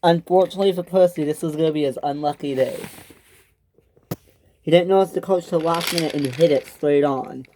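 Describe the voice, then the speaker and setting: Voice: mid-range voice, fairly quick, dark tone, a little hiss or hum. A narrator telling a toy train story in a dramatic storytelling style, switching into character voices. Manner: dramatic, breaks into character voices and sound effects.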